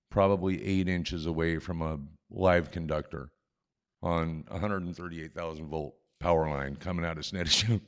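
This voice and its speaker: Man in his sixties, lowish voice, animated, chuckling, self-mocking, live stage storytelling, stage mic. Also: clear, resonant tone. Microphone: stage microphone.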